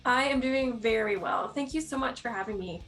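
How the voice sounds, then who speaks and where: A woman in her thirties, a podcast guest telling her story in a casual, animated way and acting out her own reactions. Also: a little high, moderate pace, faint music behind. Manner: animated, acts out quoted reactions.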